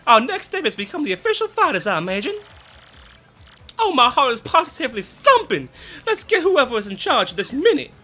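A prim, gushing female wind spirit from a video game, put on by a man reading her lines. She speaks high and bright, with genteel old-fashioned exclamations and a swooning, dramatic lilt. Faint game music plays underneath. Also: huge pitch swings, fairly quick, full character voice. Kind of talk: let's play character reading.

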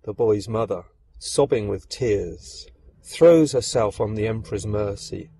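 A man narrating a dark fairy tale, expressive and speaking directly to the listener. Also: lowish voice, unhurried, vocal fry, husky. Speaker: storyteller. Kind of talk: dramatic storytelling narration.

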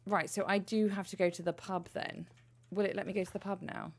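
A woman's voice: mid-range voice, flat delivery, a little fast. Profane, playful woman streamer. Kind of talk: casual gameplay commentary.

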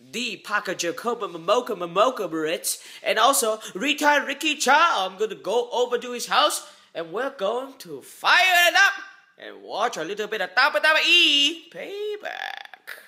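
A young man hosting a comedic vlog, ranting loudly and excitedly about his day. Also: extremely high pitch. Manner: loud, excitable comic ranting. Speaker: vlogger.

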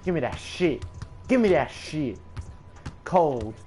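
Gamer dude trash talking and cussing while he plays, kinda high voice, slow, some music in the back. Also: big pitch swings, a little mellow. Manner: trash-talking, cursing, frustrated. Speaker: gaming content creator. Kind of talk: live gameplay commentary.

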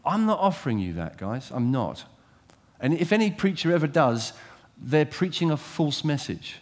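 Here a man preaches with energy and directness, questioning his audience as he moves between loud emphasis and quiet intensity. His pitch is a little high, and his pace is moderate.

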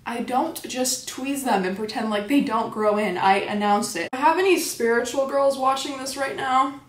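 A woman's voice: high voice, moderate pace. A young adult woman hosting a casual makeup tutorial, talking in a joking, self-deprecating way with sarcastic asides. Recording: echoey room.

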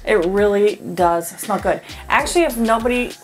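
A woman's voice: medium pitch, lively intonation, moderate pace, soft background music. A middle-aged woman hosting a casual chat, talking with enthusiasm and laughing often. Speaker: host.

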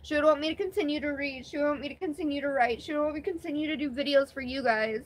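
Young female vlogger, somewhat high voice, rambling and candid, live-stream chat. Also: racing. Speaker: vlogger hosting her first live stream.

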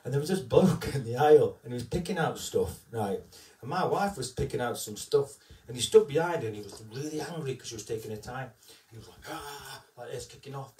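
On a live stream, a tribute performer swaps stories in a relaxed way, tagging nearly every line with "right?" His medium-pitched, darkish voice moves fast with lively intonation. Captured on a distant mic, the sound bounces around an echoey room.

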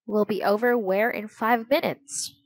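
A woman's voice: mid-range voice, steady tone, unhurried. A woman doing a joking, grumbling boy. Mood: playful. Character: boy, joking and a bit whiny.

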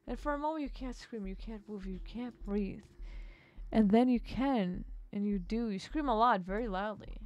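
A woman playing a story game, reading its narration expressively and breaking off for wry comments. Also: a little high. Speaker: game streamer.

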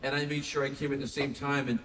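A man's voice: mid-range voice, fast. Man telling stories in an echoey hall. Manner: animated storyteller, chuckling. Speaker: actor on a convention panel. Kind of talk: telling stories on a fan convention panel. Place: large convention hall. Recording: echoey hall, distant mic, some noise.

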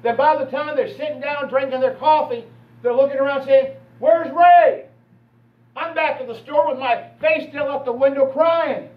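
High-voiced pastor preaching in an echoey hall. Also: male voice, steady tone, brisk. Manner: storytelling, conversational preaching. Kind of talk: sermon. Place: church sanctuary. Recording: echoey church hall from a distance, dull.

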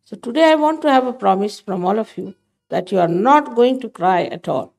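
A woman's voice: mid-range voice, animated, normal speed, creaky, darkish tone. Emphatic older woman teaching. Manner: emphatic, scolding, motherly. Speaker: spiritual teacher. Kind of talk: spoken talk to followers.

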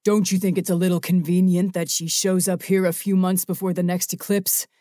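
A woman's voice: lowish voice, little pitch movement, a little fast, warm tone, no echo, clean studio sound, natural voice. A woman voicing a bitter young male winged warrior who speaks in a harsh, accusing way. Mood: cold, accusing.

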